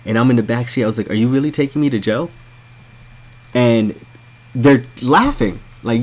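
A man's voice: medium pitch, moderate pace, pauses often, darkish tone. An American man telling a story as a blunt, heated, profanity-filled rant to his viewers. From United States. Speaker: storyteller ranting to camera.

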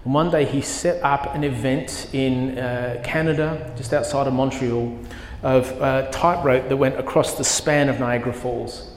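A man's voice: mid-range voice, steady tone, a little slow, hardly any pauses, slight background noise. A man preaching a sermon as pastor, telling a story with vivid, emphatic quoted lines. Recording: echoey hall with long reverb.

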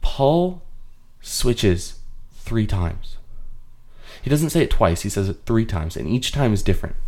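A man's voice: fairly low pitch, animated, measured pace, darkish tone. A man hosting a podcast, teaching a Bible study in an earnest, explanatory way and repeating his points for emphasis. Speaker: host.

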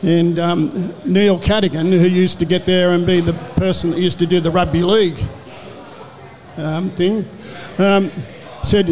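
An older Australian man with a notably high voice tells rambling stories from his playing days. He slips into the back-and-forth of old conversations as he goes, in an easy, casual way. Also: steady tone, a little slow, darkish tone, long reverb tail. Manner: rambling storyteller who acts out quoted exchanges. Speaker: former rugby league player, guest. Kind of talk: casual anecdote telling.

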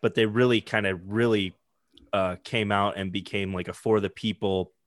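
A man's voice: on the low side, steady tone, moderate pace, no room sound, clean studio sound. A man chatting casually, rambling with lots of "like" fillers and some swearing. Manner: rambling, heavy use of "like", swearing. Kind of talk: casual chat.

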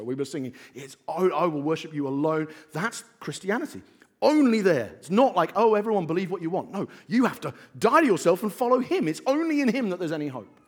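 Husky animated preacher. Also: male voice, a little high. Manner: animated, swings from hushed to emphatic. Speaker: pastor. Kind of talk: sermon. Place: church.

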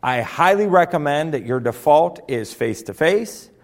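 A man's voice: fairly high pitch, animated, moderate pace, vocal fry. A man giving a motivational talk on personal development, emphatic and varying his delivery for effect. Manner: emphatic, rising and falling for effect.

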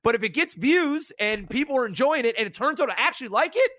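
A man in his thirties, a podcast co-host and streamer, talking candidly and reflectively in casual chat. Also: quick pace. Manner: candid, reflective, animated rises in pitch.

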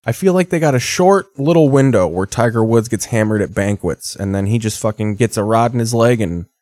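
A man's voice: lowish voice, animated, a little fast, darkish tone, no echo, studio quality. A man in his thirties doing casual, profane, rambling commentary while reacting to TV. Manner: rambling, sardonic storytelling. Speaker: streamer reacting to TV.

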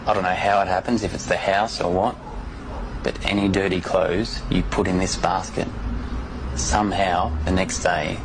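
A man's voice: low-pitched, little pitch movement, normal speed. A man with an Australian accent, acting in a comedy sketch and insisting earnestly on a deluded idea. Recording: noisy background.

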